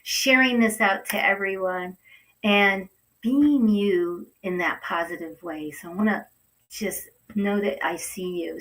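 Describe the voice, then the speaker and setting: A woman's voice: medium pitch, unhurried, a bit bright, far from the mic, low-quality recording. A woman hosting a talk show, gushing and affectionate as she talks to viewers and introduces a guest. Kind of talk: upbeat talk show chat.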